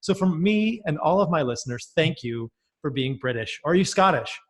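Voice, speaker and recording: A man's voice: fairly high pitch, expressive, normal speed. A man hosting a podcast, reading an ad and interviewing with enthusiastic, upbeat energy. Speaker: podcast host.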